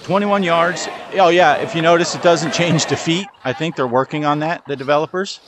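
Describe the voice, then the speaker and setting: A man's voice: a little high, normal speed, noisy background. A middle-aged man giving casual, self-deprecating commentary while playing a VR golf game, talking to his ball as he plays. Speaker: gaming channel host.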